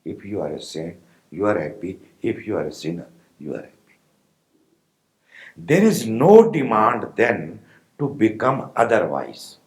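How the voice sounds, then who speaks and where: An Indian man speaks as a spiritual teacher, his voice low and deep. His delivery swings widely in pitch, and he paces it slowly with pauses and questions to the room. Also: very animated, low-quality recording. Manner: slow, pausing, rhetorical questions to listeners. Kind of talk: spiritual discourse to meditators.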